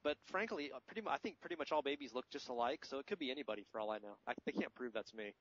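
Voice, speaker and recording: A man's voice: mid-range voice, lively intonation, very fast, fairly bright tone, no echo. An American man hosting a podcast in casual, joking, rambling chat. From United States. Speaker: podcast host. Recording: dry, slightly muffled podcast audio.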